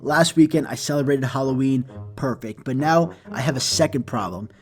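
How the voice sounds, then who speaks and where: A young man telling an animated comedy story with fast, profane, exaggerated delivery. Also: mid-range voice.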